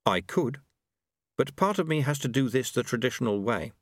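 A man's voice: mid-range voice, expressive, moderate pace, no room sound, studio quality, natural voice. A man voicing an earnest young male monk who speaks urgently and politely.

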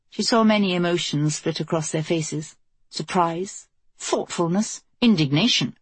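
A woman reading a fantasy novel aloud as the narrator, in a steady, measured way. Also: on the low side, slightly rough, dry recording. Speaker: audiobook narrator.

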